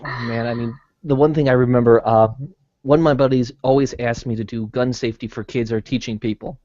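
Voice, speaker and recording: A man's voice: mid-range voice, steady tone, brisk, warm tone, no room sound, highs cut off. A man joking and laughing often in a casual group chat over an online call. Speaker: chat participant.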